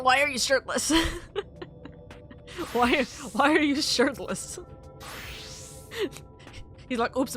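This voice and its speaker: A woman's voice: fairly high pitch, sharp tone. A young woman streaming a story game, gushing and emotional as she talks, rambling through restarts. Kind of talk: casual live-stream commentary.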